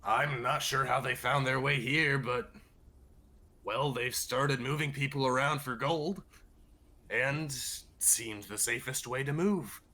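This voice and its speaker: A man's voice: mid-range voice, slow, bright, forceful tone. A man playing in a tabletop game, describing his character's actions in a dry, matter-of-fact way. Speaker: player. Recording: clear background noise.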